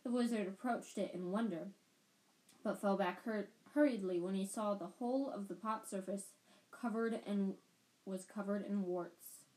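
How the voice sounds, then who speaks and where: A woman's voice: medium pitch, normal speed, a little mellow, poor audio. A woman reading a storybook aloud, often stumbling and restarting words. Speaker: podcast storyteller.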